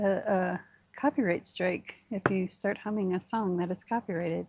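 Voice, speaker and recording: A woman's voice: medium pitch, normal speed, darkish tone. A woman hosting a crafting livestream, chatting casually as she works and talking herself through each step. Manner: chatty, talks to herself while working.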